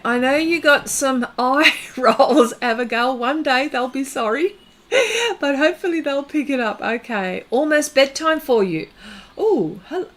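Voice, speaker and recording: A woman's voice: on the high side, fairly bright tone. A middle-aged Australian woman hosting an art livestream, chatting casually and rambling with viewers, full of fillers and restarts. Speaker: artist livestream host. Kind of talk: casual chat with live viewers.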